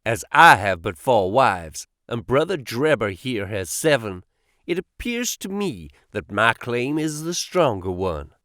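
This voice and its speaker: A boastful young Mormon suitor, read as a slow, sweeping audiobook character, as a male narrator puts him on. His proud claims climb into high, shrill threats. The voice sounds dry and close. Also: big pitch swings, a bit bright, dry recording.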